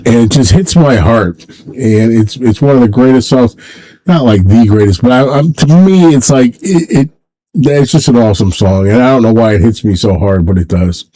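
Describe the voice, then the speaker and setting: A man hosting a casual solo livestream from home, rambling and halting, talking in a sentimental way. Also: mid-range voice, warm tone, low-quality recording. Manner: rambling, halting, many restarts; emotional, sentimental. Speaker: livestream host.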